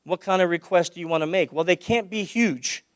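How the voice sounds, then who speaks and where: A man giving a conference talk. He tells stories and projects loudly, then drops his voice low for the anecdotes. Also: a little fast, smooth, dry recording, studio quality. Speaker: conference speaker. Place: conference hall.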